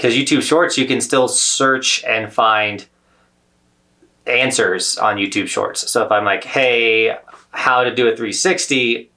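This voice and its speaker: A man's voice: fairly low pitch, pushed and bright. A man co-hosting a podcast, explaining at length in chatty casual talk with many fillers. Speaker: podcast co-host.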